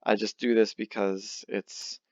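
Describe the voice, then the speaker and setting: A young man at home giving casual, rambling, self-deprecating commentary as he plays, thinking out loud. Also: on the low side, little pitch movement, a little slow, dry recording. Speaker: let's play host. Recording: dull lo-fi home recording.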